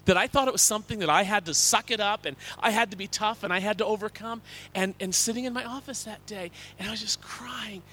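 A man's voice: high voice, fast, bright, forceful tone, a little hiss or hum. A man preaching a sermon as a pastor, earnest and conversational, often repeating words and asking "okay?".

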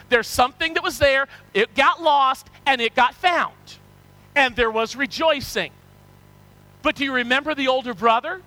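A man preaching a sermon, retelling parables with lively storytelling and frequent restarts. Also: very high-pitched, rough recording. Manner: animated storytelling, acting out parable characters; frequent restarts and repeated words. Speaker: pastor.

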